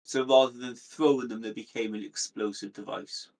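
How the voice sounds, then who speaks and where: A man playing a tabletop game, polite and measured in how he asks things. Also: mid-range voice, steady tone, vocal fry, darkish tone. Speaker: player. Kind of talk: tabletop role-play banter.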